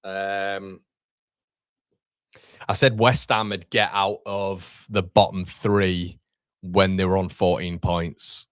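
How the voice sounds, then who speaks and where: A man's voice: low-pitched, level tone, slow, long pauses, a bit bright, smooth, no room sound. Young Yorkshire male streamer, casual banter over live football, dry close mic. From Northern England. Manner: chatty, reads viewer comments aloud, banter. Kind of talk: live match commentary and chat reading.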